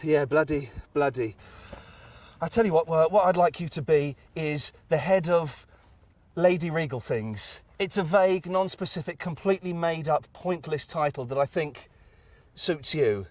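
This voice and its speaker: A man's voice: on the high side, normal speed, darkish tone, no room sound. An English man hosting a comic show on location, sarcastic and teasing in his banter. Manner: sarcastic, mock-posh banter. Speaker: host.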